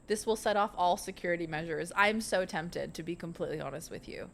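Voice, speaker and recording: A woman's voice: lowish voice, brisk, gravelly, fairly bright tone, a little hiss or hum. A woman streaming a video game, chatting casually and reading the game's text aloud with jokey asides. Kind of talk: casual let's-play chat.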